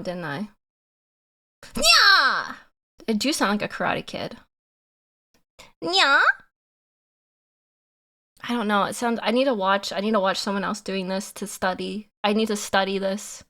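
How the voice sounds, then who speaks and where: A young woman streamer chatting casually with her viewers, giggly and animated, laughing often. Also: medium pitch, quick pace, few pauses. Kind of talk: casual live-stream chat.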